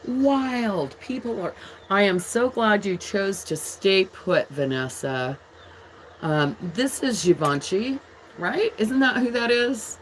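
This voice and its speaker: A woman's voice: medium pitch, lively intonation, slow pace, slight background noise, rough recording. A woman from England hosting a jewelry live stream, chatting casually with viewers and reading their comments aloud as she shows pieces.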